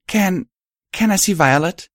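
A man's voice: high voice, unhurried, fairly bright tone, no room sound, studio quality, pitched above the performer's own voice. A man voicing an earnest, emotional young winged pony hero. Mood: eager.

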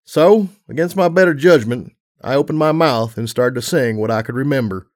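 A man reading a story aloud, narrating in a steady, even storytelling manner. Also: medium pitch, moderate pace, few pauses. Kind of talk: audiobook reading of fan fiction.

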